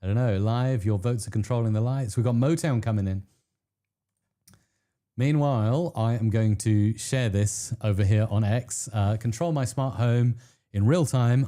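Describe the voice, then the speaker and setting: A man hosting a live stream, chatting to viewers with bursts of excitement and frequent laughter. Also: slow pace. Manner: excitable, laughs often, pitch jumps when thrilled. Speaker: livestream host.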